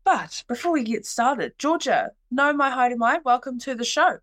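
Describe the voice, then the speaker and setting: A woman's voice: high-pitched, lively intonation, normal speed, a bit bright. A young adult woman, hosting a casual podcast interview in a bubbly, teasing way and laughing often. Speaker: podcast host.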